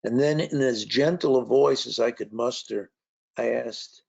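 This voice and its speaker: A man's voice: mid-range voice, a little slow, vocal fry, darkish tone, breathy edge. A man and author giving a conversational talk, telling anecdotes with frequent fillers. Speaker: author and speaker. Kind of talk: storytelling talk. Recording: dull lo-fi recording.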